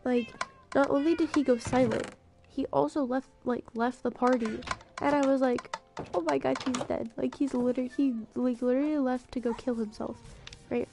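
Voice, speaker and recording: A woman's voice: high voice, fairly even intonation, normal speed, music in the background. A woman streamer chatting casually while gaming, telling a rambling story and losing her train of thought. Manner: rambling, easily distracted storytelling.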